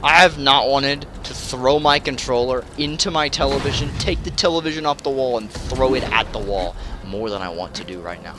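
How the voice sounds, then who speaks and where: A man's voice: medium pitch, normal speed, few pauses, noisy background. A man giving let's play commentary at home, ranting furiously with constant swearing and stammered repeats. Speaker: gamer. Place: at home playing on a television.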